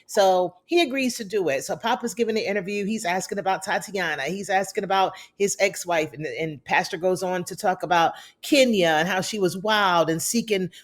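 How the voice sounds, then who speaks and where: A woman's voice: mid-range voice, moderate pace, few pauses. Chatty woman recapping a TV episode. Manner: chatty, opinionated, talks straight to viewers. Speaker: TV recap reviewer. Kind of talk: casual recap commentary.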